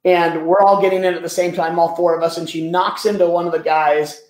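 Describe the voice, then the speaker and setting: An animated man tells business stories in a fairly high voice, often repeating words as he goes. The sound echoes as if in a bare room, and he comes across as a guest answering an interviewer. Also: a little fast.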